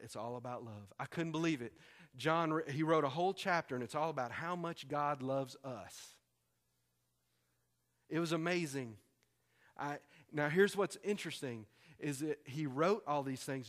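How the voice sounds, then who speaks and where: A man's voice: on the high side, a bit bright. A man preaching a sermon as a pastor, conversational and emphatic, repeating key lines for weight.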